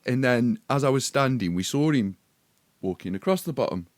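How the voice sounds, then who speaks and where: Man, mid-pitched, dry sound, lively anecdote-telling. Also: normal speed, dry recording. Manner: animated, acts out quoted voices. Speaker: podcast co-host. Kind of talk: casual storytelling chat.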